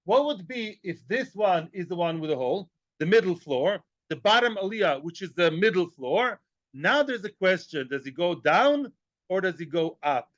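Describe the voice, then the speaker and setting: A Talmud teacher with a high-pitched, expressive, slightly bright voice speaks at a moderate pace in a dry recording with the highs cut off. He jokes through his class, poses rhetorical questions, repeats phrases, and sprinkles in Hebrew and Aramaic terms.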